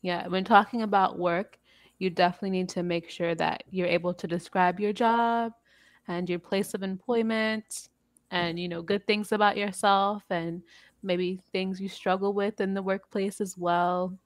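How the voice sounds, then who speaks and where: A woman's voice: medium pitch, steady tone, normal speed, no room sound, studio quality. A woman with a standard American accent teaching English on a video call, patient and friendly as she explains pronunciation. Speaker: English tutor. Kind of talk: online English lesson.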